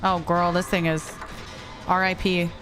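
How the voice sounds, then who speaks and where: With soft music in the background, a young woman plays a game on stream and chats casually with viewers, humming little vocal stims as she goes. Her voice is fairly low and slightly bright, delivered flatly and without hurry.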